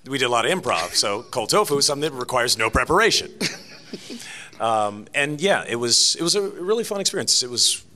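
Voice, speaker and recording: A man answering interview questions as a guest voice actor on a convention panel, chatty and animated, with laughs and restarts. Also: mid-range voice, fairly quick.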